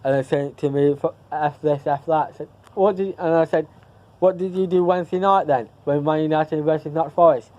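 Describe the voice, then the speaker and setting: A man's voice: fairly high pitch, fairly even intonation, moderate pace, darkish tone, muffled recording. A man chatting casually to camera in a vlog, rambling and repeating himself as he loses his thread. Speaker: vlogger.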